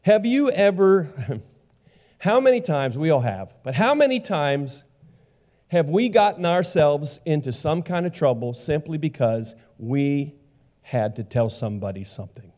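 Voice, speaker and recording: An animated male pastor in his fifties delivering a sermon in a warm, mellow voice that sits slightly high for a man. He chats with the congregation and acts out quoted lines with sudden jumps in pitch. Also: a little slow.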